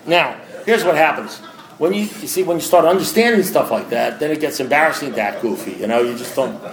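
A man's voice: a little high, fairly quick, echoey room, a crowd in the background, low-quality recording. A man sharing a personal recovery story with an audience in a blunt, conversational way, acting out the voices of people in it. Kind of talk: candid personal talk to an audience.

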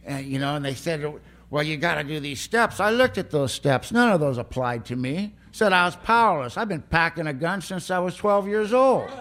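A man's voice: a little high, expressive, moderate pace, few pauses, fairly bright tone. A man giving a blunt, streetwise personal testimony at a recovery meeting, often laughing as he talks.

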